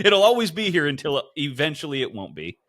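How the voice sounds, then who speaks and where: A young man co-hosts a comedy podcast in loose, casual chat. His voice is bright and forceful, and it swings widely in pitch as he riffs and laughs at his own bits. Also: wildly swooping pitch, no echo, clean studio sound. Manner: playful, riffing, quick to laugh. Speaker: podcast co-host.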